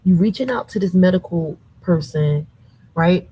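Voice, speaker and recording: A woman talks straight to her livestream chat. She keeps it conversational and emphatic, firing off rhetorical questions. Her voice sits low, with a husky, slightly rough edge. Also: normal speed, warm tone, rough recording. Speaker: livestream host. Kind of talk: casual live commentary.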